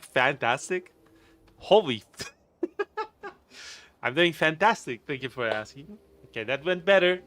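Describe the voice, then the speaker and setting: A man streams a game live and chats casually with his viewers, greeting them by name. He laughs a lot and rambles playfully. His voice sits on the high side with a fairly bright tone.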